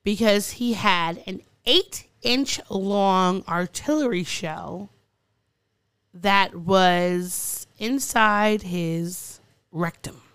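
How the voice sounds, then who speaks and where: Slow-talking giggly woman, dry close mic. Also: mid-range voice, a bit bright, clean tone, no room sound. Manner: giggly, rambling with fillers and restarts. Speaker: podcast co-host. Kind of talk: casual chat, recounting news stories.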